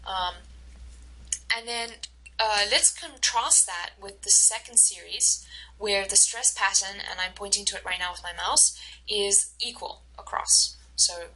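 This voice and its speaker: A woman instructor giving a recorded lecture over slides, explaining slowly and carefully with many fillers and restarts. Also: mid-range voice, sharp tone, low-quality recording.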